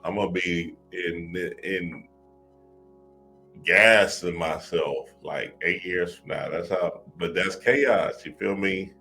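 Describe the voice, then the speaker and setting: A man's voice: low voice, slow, bright, forceful tone, husky, soft background music. A man giving a loose, profane, street-casual motivational talk on spiritual self-help, with frequent restarts.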